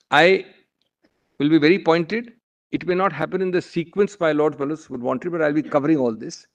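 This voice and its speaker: Indian advocate pleading before the bench. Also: male voice, fairly high pitch. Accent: Indian English. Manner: formal, deferential, addresses the bench constantly. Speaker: senior advocate. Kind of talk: courtroom argument. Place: courtroom.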